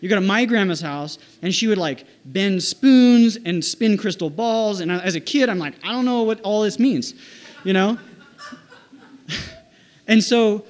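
Man, slightly high voice, personal storytelling, halting, reflective, frequent restarts.

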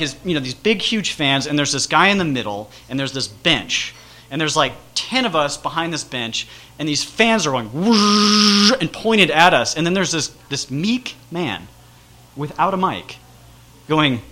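Male storyteller, slightly high, bright tone; rambling, self-mocking, lively delivery. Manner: rambling, self-deprecating, animated. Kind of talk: casual personal storytelling.

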